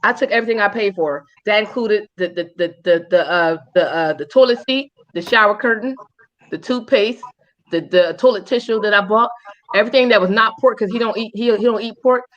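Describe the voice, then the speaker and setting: A woman co-hosting a talk show, telling a profane story with animated, squealing voices for the people in it. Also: mid-range voice, fairly quick. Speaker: radio show co-host. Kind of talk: casual chat, storytelling. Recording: dull lo-fi sound.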